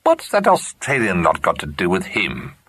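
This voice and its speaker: A man's voice: low-pitched, huge pitch swings, moderate pace, breathy edge, pitched above the performer's own voice, exaggerated voice. A man voicing a scornful old great-aunt. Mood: testy. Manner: sharp, scornful, easily offended.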